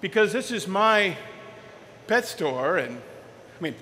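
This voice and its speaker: A man's voice: sits high, very animated, slow pace, pushed and bright, exaggerated voice. A man playing a friendly male pet store owner who explains things in a folksy, confident way. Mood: proud. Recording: reverberant hall, faint ambience.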